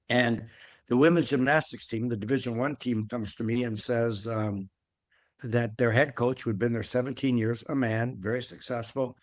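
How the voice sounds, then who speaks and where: A man's voice: medium pitch, no room sound, clean studio sound. Older man telling a long story. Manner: rambling, repeats words, fills with uh. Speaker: guest, former athletic director. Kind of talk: conversational storytelling.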